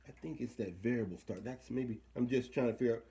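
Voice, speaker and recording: A man with a mid-range voice and a dark tone talks fast and casually through a hands-on equipment demo. He thinks out loud and tends to trail off mid-sentence.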